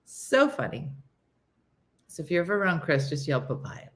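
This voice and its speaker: A middle-aged woman hosting a morning show, telling a comic story in a casual, animated way and acting out her friends' lines. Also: moderate pace. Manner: animated, acts out friends' lines in higher voices, laughs a lot.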